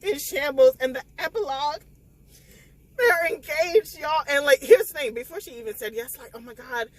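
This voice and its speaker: A woman, recapping a novel in a casual spoiler vlog, tearful and animated as she acts out the scenes. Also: high voice, moderate pace, poor audio. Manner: animated, emotional retelling with quoted dialogue. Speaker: book vlogger.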